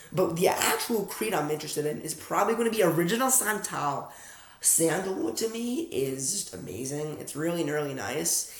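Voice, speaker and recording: A young American man chatting casually through an unboxing vlog, rambling and self-aware as he talks to his viewers. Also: fairly high pitch. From United States. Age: young adult. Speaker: fragrance reviewer. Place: room at home at night. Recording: echoey room.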